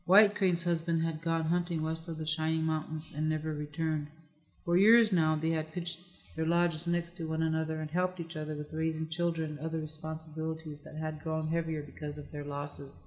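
An audiobook narrator reading a historical novel in a steady, measured way. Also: medium pitch. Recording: long echoey reverb.

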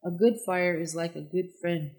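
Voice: medium pitch, moderate pace, darkish tone, natural voice, rough recording. A lonely young woman from a storybook, heavy with sorrow and plaintive in every word, as the narrator voices her. She speaks simply and stubbornly, a touch raised above the telling. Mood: resolute.

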